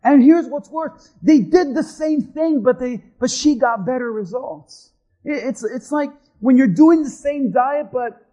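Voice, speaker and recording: A man pastor delivering a sermon, swinging between shouting and hushed tones. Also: extremely high pitch, measured pace, poor audio.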